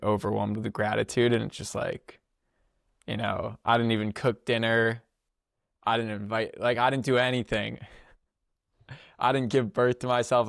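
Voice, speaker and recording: A man's voice: fairly low pitch, gravelly, a bit bright, no room sound, studio quality. A young man co-hosting a podcast, telling a personal story in a rambling, slangy way full of fillers and frequent laughs. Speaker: podcast co-host. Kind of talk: casual storytelling chat.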